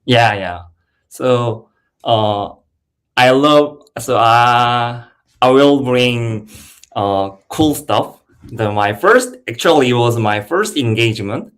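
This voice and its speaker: Male guest engineer, slow and modest. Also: mid-range voice, lively intonation, a bit bright. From Korea. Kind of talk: casual livestream chat.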